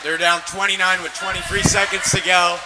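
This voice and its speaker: A young man giving color commentary at a school basketball game, eager and quick to shout at big plays. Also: high voice. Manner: eager, bursts into excited shouts. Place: school gym. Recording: loud gym noise behind.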